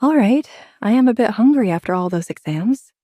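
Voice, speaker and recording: A woman narrator voicing a guarded, sharp-tongued young woman, raising her pitch and speaking with pointed sarcasm. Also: animated, fairly quick, no room sound, natural voice. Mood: surprised, curious.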